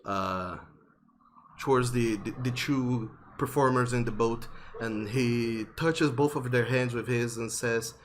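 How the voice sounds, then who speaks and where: Slow-paced male game master. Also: mid-range voice, slight background noise. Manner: unhurried, descriptive with frequent fillers. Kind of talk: narrating a tabletop game.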